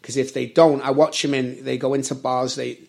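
Man in his forties from Britain, gravelly, rambling conversational delivery. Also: mid-range voice, level tone, fairly quick, a little mellow. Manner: rambling, self-correcting, many fillers. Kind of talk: casual chat.

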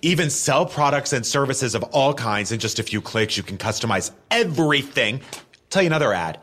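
A man's voice: medium pitch, lively intonation, a little fast, a bit bright. A man doing a drawling Texan movie-star spokesman. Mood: smug drawl. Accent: imitated Texan drawl. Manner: drawling, self-absorbed, goofy asides. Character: impression of a laid-back Texan male movie star. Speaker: ad spokesman in a comedy podcast. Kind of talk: comedic parody ad read.

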